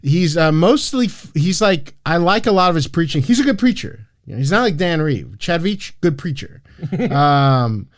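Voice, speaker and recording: A man's voice: on the high side, big pitch swings, moderate pace, no room sound, studio quality. Joking man telling stories on a podcast. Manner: joking, profane, storytelling with laughs. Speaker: podcast host. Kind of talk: casual podcast chat.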